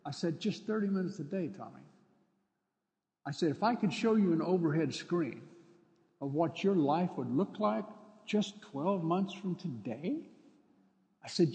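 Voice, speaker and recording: A man preaching a sermon, telling stories and acting out dialogue with sudden loud outbursts. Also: on the high side, expressive, measured pace, long pauses, in a large hall, muffled recording. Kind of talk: sermon with storytelling.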